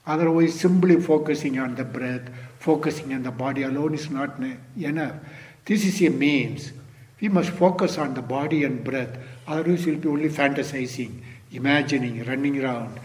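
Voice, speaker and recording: An older man giving an unhurried Zen dharma talk, often saying "you see". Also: mid-range voice, a little mellow, big-room sound. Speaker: Zen teacher.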